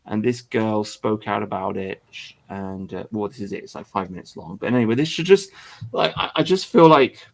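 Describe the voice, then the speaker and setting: A man's voice: on the low side, expressive, normal speed, vocal fry. A man hosting a podcast, ranting in crude, exasperated casual talk. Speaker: podcast host. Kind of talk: casual profane commentary.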